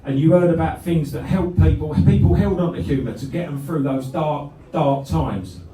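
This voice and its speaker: A man's voice: on the high side, moderate pace, dark tone, distant mic, faint music behind. A man telling a sweary comic story on a club stage and laughing through it. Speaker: comedy band frontman. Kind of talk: live stand-up storytelling. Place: club stage with a live crowd. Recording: roomy live club recording from the crowd.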